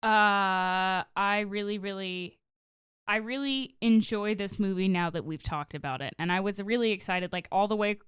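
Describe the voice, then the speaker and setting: A woman's voice: mid-range voice, normal speed, a bit bright, smooth. A young woman guest on a podcast, chatting casually and giggling with enthusiasm. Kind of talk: casual chat.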